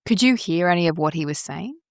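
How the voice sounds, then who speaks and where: A woman podcast interviewer asks careful, probing questions at a measured pace. Her voice is somewhat low for a woman, and the sound is dry and close to the mic. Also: animated, no echo.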